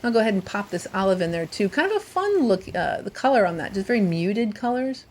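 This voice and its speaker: A woman's voice: mid-range voice, very animated, fast talker, darkish tone, a little hiss or hum. A woman vlogging from a beach as she hunts for shells, bubbly and gushing, and talking to the shells she finds. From Southwest Florida. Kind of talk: casual narrated vlog. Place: outdoors on a beach.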